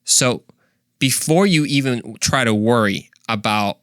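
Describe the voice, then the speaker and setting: A man's voice: mid-range voice, a little slow, a bit bright, clear, resonant tone, no room sound, clean studio sound. A man hosting a Christian podcast, talking through listener questions in an earnest, conversational way full of rhetorical questions. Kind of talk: casual solo podcast monologue.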